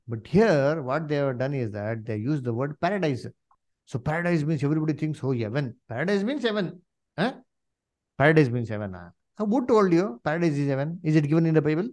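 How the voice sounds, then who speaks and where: A man's voice: mid-range voice, expressive, normal speed, a little mellow. A man preaching a sermon, emphatic and full of rhetorical questions and "you see".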